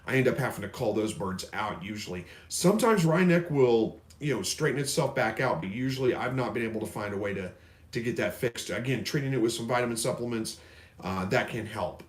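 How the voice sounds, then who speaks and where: In an echoey room, a man from Missouri runs a casual live stream where he reads viewers' questions aloud and gives rambling, homespun answers. His medium-pitched voice is animated and a little fast.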